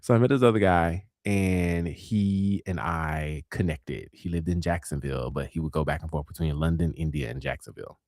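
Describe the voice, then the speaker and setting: A man's voice: deep voice, animated, moderate pace, gravelly, few pauses, darkish tone. A talk show host in his forties spins his dating stories with sass. His voice swings up and down with animation as he acts out each exchange. The recording sounds dry and close, with no room echo. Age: 40s. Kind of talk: casual storytelling.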